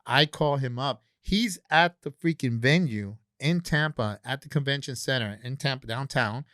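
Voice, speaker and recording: A man tells a story on a podcast in a lively, animated way, acting out each voice he quotes. The recording is close and dry, with no room sound. His voice sits at an ordinary middle pitch. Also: normal speed, no echo. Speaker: guest, convention organizer.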